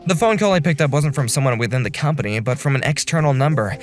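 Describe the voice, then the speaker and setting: Man voicing a calm, earnest section chief. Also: mid-range voice, fast talker, faint music behind, lightly acted. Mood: narrating. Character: steady male office section chief, young adult. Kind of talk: dubbed animated drama narration.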